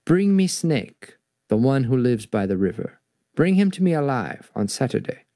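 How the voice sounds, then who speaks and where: A man's voice: mid-range voice, very animated, moderate pace, mellow, no echo, clean studio sound. A man voicing a big, proud male tiger who schemes a trick, with a Jamaican accent, in a storybook read-aloud. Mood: sly.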